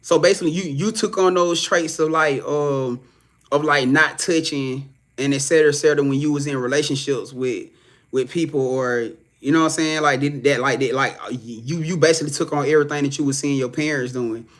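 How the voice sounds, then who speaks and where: A man's voice: fairly high pitch, fairly even intonation, brisk, a bit bright. A young man chatting casually on a live stream as a psychic reader, loose and profane, rambling with many restarts and reading out viewers' comments.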